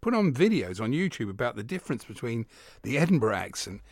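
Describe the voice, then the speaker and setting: A man co-hosting a radio podcast, chatting casually with quick, self-mocking humor. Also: medium pitch, very animated. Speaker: radio co-host.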